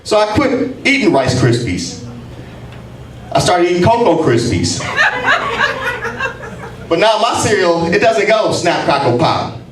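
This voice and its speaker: A brash man in his forties does a profane, mocking stand-up set, and his voice sits fairly high for a man. He is picked up from a distance in an echoey club. Every line is crude. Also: sing-song, a little slow, pauses often, noisy background. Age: 40s. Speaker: stand-up comedian. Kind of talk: stand-up routine. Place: comedy club stage.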